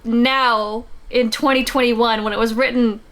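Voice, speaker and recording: Higher-voiced woman thinking aloud about comics. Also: steady tone, a little slow, fairly bright tone. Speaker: podcast guest. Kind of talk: casual comic book discussion.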